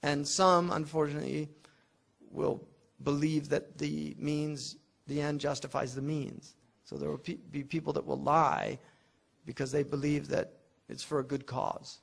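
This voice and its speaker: A man's voice: a little high, little pitch movement, unhurried, gravelly. A man teaching a classroom lecture on classical logic, talking conversationally and explaining with everyday examples, often restarting his sentences. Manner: conversational and digressive, with frequent restarts and fillers.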